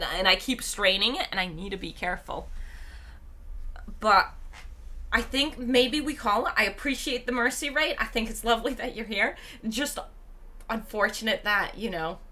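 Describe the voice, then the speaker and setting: A woman's voice: on the high side, pushed and bright. A woman live-streaming games, chatting casually and rambling, her voice tired and strained. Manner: chatty, rambling, reads chat aloud. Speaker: game streamer.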